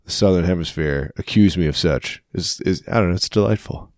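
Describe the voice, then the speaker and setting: A man's voice: low-pitched, fairly quick, darkish tone, no room sound, studio quality. A man co-hosting a podcast, chatting casually and joking in a rambling way. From United States. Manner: jokey, rambling, laughs often. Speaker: podcast co-host. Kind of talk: casual chat.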